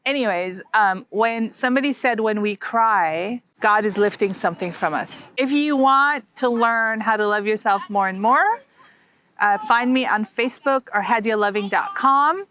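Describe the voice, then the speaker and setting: A woman life coach talking casually to the camera outdoors in a gentle, encouraging way, laughing often. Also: fairly high pitch, animated, moderate pace, a little hiss or hum. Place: outdoors, children playing nearby.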